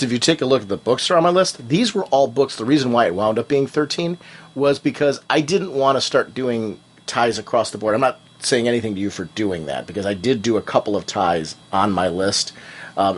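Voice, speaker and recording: A man's voice: medium pitch, fairly quick, slightly rough. A man co-hosting a podcast in casual chat, speaking emphatically and with conviction. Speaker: podcast co-host.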